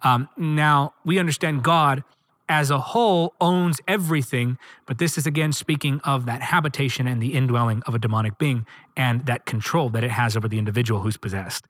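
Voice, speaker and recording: A man's voice: a little high, animated, normal speed, a bit bright, no room sound, clean studio sound. A man preaching a sermon, reading scripture aloud and driving points home with rhythmic, emphatic repetition.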